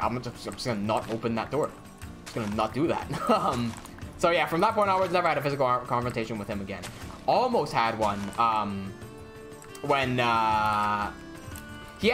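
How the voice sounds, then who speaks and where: A man's voice: on the high side, sharp tone. A young man telling a long personal story while streaming a game, swearing often and acting out the quotes.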